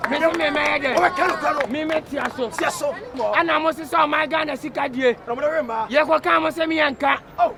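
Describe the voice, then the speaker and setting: An actor playing a male end-time street evangelist, shouting call-and-response preaching outdoors. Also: extremely high pitch, fairly quick. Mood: fervent. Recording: outdoor street crowd noise.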